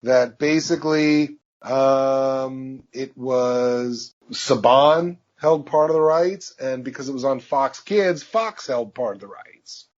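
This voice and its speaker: A man, a voice actor being interviewed, telling stories in a relaxed, anecdotal way. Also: mid-range voice, slow, hardly any pauses. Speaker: voice actor guest. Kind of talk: interview answers, storytelling. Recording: dull lo-fi audio.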